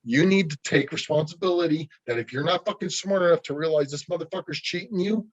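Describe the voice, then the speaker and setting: A man's voice: on the high side, fast talker, no echo, highs cut off. A man who is an arm wrestler being interviewed, talking bluntly and swearing a lot, ranting in a heated way. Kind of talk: casual interview over a call.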